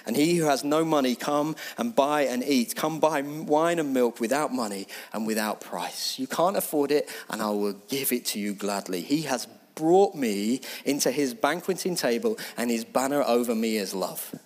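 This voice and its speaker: A man preaching a sermon as pastor, building passion through repeated phrases and then sinking to a hushed, near-whispered prayer. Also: medium pitch, animated, moderate pace, few pauses.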